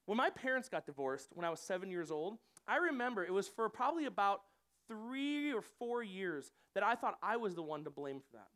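A man's voice: high-pitched, fairly quick. Conversational man preaching. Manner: conversational, animated, acts out quoted voices. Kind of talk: sermon. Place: church room with audience.

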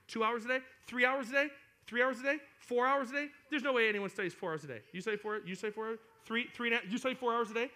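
A young man gives a lively youth sermon to students. His voice is high and bright, and he acts out complaining kids as he talks. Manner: animated, acts out whiny kids. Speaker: youth pastor.

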